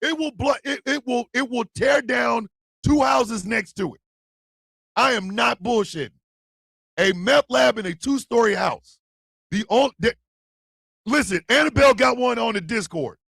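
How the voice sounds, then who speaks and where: A man hosting a stream, ranting and joking loudly with profanity and frequent laughter. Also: very high-pitched, unhurried, creaky, long pauses, slightly rough, dry recording, studio quality. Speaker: streaming show host. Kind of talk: casual comedic rant.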